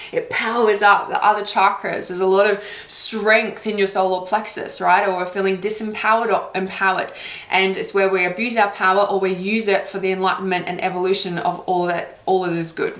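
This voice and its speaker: A woman talks through a spiritual card reading in an encouraging, affirming way, laughing between points. Her voice sits at a middle pitch for a woman. The recording carries a noticeable room echo. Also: a bit bright. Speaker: intuitive card reader. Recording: roomy echo.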